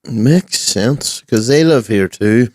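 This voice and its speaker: A man's voice: mid-range voice, lively intonation, takes it slowly, darkish tone, dry recording, studio quality. A young man co-hosting a podcast, hungover and rambling in casual chat. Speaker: podcast co-host.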